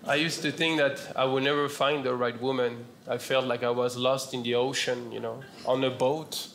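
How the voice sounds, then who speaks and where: A man from France with a French accent doing stand-up comedy, delivering punchlines in a slow, deadpan way. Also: medium pitch, very noisy. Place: comedy club stage with laughing audience. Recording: roomy stage sound with loud audience laughter.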